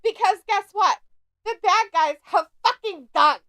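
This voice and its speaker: A woman's voice: extremely high pitch, measured pace. An American woman co-hosting a casual livestream chat, telling stories with lots of swearing and frequent laughter. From United States. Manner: profane, laughs often, animated storytelling. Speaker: co-host of a wrestling watch-along stream.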